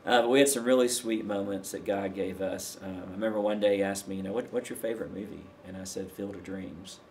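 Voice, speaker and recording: A man from Tennessee recounting a personal story as a podcast guest, relaxed and filling his speech with "you know". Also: low-pitched, a little fast, a little hiss or hum. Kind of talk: storytelling in a conversation.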